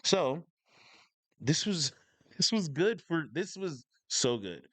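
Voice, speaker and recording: A channel host from the northern United States delivers casual reaction commentary in a fairly high, slightly bright voice with big pitch swings. He's slow, emphatic and opinionated, enunciating every word and repeating points for stress, in a dry recording.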